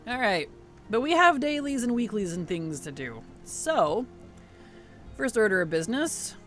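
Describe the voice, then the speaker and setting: A man's voice: high voice, sing-song, measured pace, fairly bright tone, soft background music. A man streaming a game, chatting casually, laughing often and greeting his chat as he plays. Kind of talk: casual gaming livestream chat.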